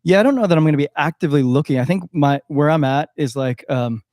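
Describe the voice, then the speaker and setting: A man on a podcast thinking out loud, hedging with many fillers in casual chat. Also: on the high side, quick pace, dry recording, clean studio sound. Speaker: podcast co-host.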